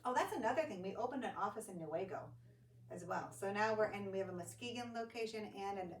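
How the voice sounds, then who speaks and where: A fast-talking woman with a mid-range voice, a ministry director appearing as a guest, tells a casual story and acts out the voices of the people in it. The audio, from a church studio or room, is echoey, distant-miked, and faintly hissy.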